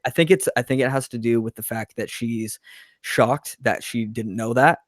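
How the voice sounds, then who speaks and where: A man's voice: medium pitch, normal speed, no echo, studio quality. Casual man debating a horror film. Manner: animated, acts out movie lines. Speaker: podcast co-host.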